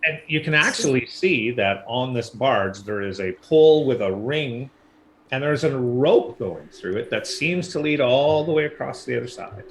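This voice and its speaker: A man narrating a tabletop game as dungeon master, relaxed and laughing often. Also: mid-range voice, normal speed, a little hiss or hum.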